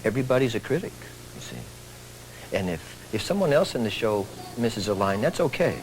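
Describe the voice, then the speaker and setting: Earnest middle-aged man with a low voice. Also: very animated, slight background noise, rough recording. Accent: Texan. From Texas. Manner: earnest, measured, with dry humor. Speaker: stage actor and singer. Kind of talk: TV talk show guest.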